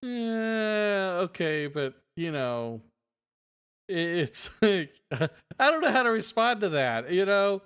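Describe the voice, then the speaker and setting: A man's voice: high voice, sing-song, slow, fairly bright tone, clean tone. A man co-hosting a podcast in casual chat, easygoing and reacting with agreement. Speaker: podcast co-host.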